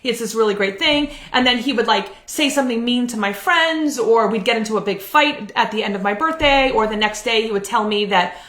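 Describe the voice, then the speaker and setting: Speaking a little fast with few pauses, a woman counselor shares her own experiences in an earnest, candid live video talk about relationships. Her voice is slightly high and a bit bright, and the room gives it an echo.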